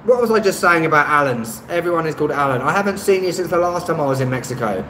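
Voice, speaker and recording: A man's voice: on the high side, animated, fast talker, pushed and bright. An Englishman hosting a casual live stream and reading out viewer comments. He rambles, hesitates often with "um," and laughs lightly between remarks. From England. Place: indoor room, street traffic outside. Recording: echoey room with faint street noise.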